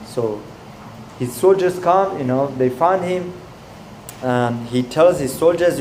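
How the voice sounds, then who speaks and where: A man giving a sermon as a rabbi, telling a story in a halting way with many restarts. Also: on the high side, a little mellow, echoey room, a little hiss or hum, poor audio.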